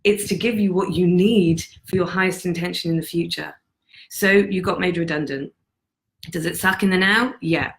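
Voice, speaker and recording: A woman's voice: lowish voice, steady tone, normal speed, vocal fry, rough recording. A woman life coach giving a blunt, profane motivational talk to camera, speaking emphatically. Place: on retreat in Bali.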